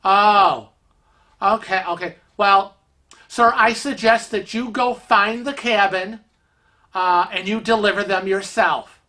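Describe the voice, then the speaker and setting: A man's voice: sits high, slow, pushed and bright, heavily acted. A man voicing a dismissive young woman working the cruise service desk. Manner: dismissive, scripted politeness. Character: curt young female cruise desk clerk.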